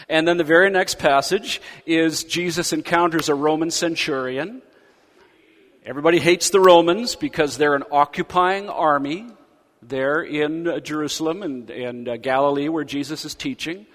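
A man preaching a sermon, retelling stories with lively paraphrased dialogue. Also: fairly high pitch, in a large hall. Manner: animated storytelling, acting out quoted figures in paraphrase. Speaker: pastor.

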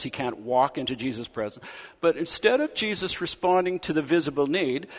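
A man preaching a sermon, retelling stories with lively paraphrased dialogue. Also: on the high side, long reverb tail. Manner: animated storytelling, acting out quoted figures in paraphrase. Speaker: pastor.

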